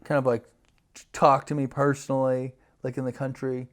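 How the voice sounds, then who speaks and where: A middle-aged man tells a story in a loose, rambling way, with plenty of fillers and false starts. His pitch sits in the middle for a man. He acts out what other people said as he goes. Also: monotone, moderate pace. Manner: rambling, many fillers and restarts, acts out voices. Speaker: podcast guest, TV producer. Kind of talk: animated storytelling.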